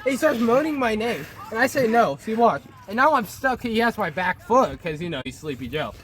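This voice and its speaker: A man's voice: high voice, very animated, brisk, a bit bright. A man giving a joking mock tutorial outdoors on a playground, playful and giggly, filmed on a phone. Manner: playful, giggly, over-the-top. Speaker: vlogger. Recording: noisy outdoor phone recording.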